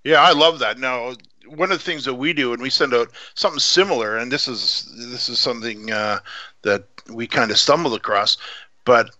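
A man's voice: medium pitch, normal speed, bright, forceful tone, dry recording. A man hosting a podcast, telling stories enthusiastically in casual interview chat. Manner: enthusiastic, storytelling. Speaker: podcast host. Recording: dry, dull lo-fi sound.

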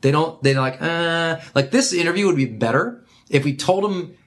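A man interviewed as a guest, giving emphatic, animated advice and counting off his points one by one. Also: a little high, moderate pace. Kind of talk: energetic conversational advice.

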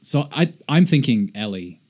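A man's voice: medium pitch, sing-song, normal speed, a little mellow, slightly rough. Upbeat man playing a quiz. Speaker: quiz player. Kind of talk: casual chat.

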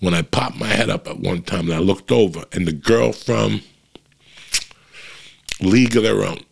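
Male comic from New Jersey, gravelly and husky, loose profane storyteller. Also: low-pitched, normal speed. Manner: profane, rambling anecdote with frequent restarts. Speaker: comedian. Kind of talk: casual storytelling chat.

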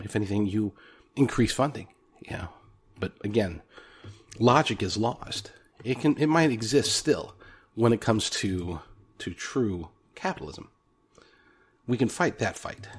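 Husky lower-voiced guy ranting about politics, pushy and repetitive. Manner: emphatic, repetitive, argumentative. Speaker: political commentator. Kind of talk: opinion monologue.

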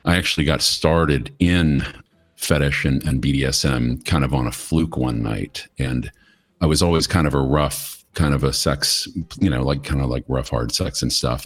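A middle-aged American man from the United States, talking candidly and chattily as a podcast guest, telling stories and acting out quoted dialogue. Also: very deep voice. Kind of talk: casual interview storytelling.

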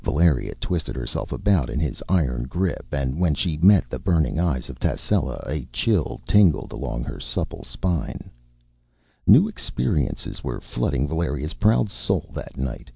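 A man reading a pulp adventure story aloud as a narrator, with a dramatic, expressive delivery. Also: extremely low pitch, a little slow, vocal fry, breathy edge, dry recording. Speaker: audiobook narrator. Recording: dull, dry audiobook recording.

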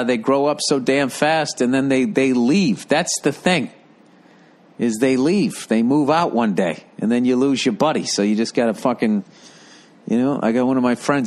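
A man in his fifties, a comedian, hosting a casual podcast monologue in a rambling, profane, blunt way. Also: medium pitch. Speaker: podcast host and stand-up comedian. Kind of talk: casual podcast monologue, reading listener mail.

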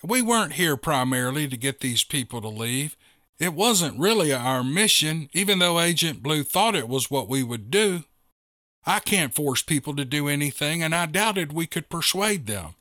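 A man's voice: on the high side, expressive, normal speed, pushed and bright, dry recording, studio quality. A man narrating a first-person monster-hunting story in a wry, matter-of-fact way.

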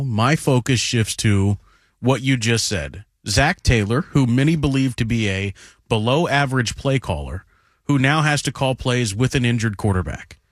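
A man co-hosting sports talk radio, laying out his case in a measured, analytical way and citing statistics. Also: medium pitch, no echo, clean studio sound. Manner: measured, analytical, cites stats.

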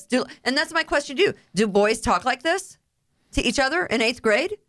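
A woman's voice: fairly high pitch, very animated, normal speed, a bit bright. A woman co-hosting a talk radio show, dry and skeptical, reading out listener messages.

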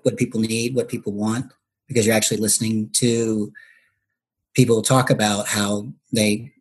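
Husky hesitant man telling stories. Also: lowish voice. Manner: hesitant, many ums and restarts. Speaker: podcast guest, bartender and local political candidate. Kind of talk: casual interview storytelling.

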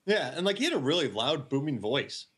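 Male podcast co-host, casual banter, lively intonation. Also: on the high side, slightly rough. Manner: animated, joking, acts out quick impressions. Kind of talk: casual chat. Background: other men talking and laughing.

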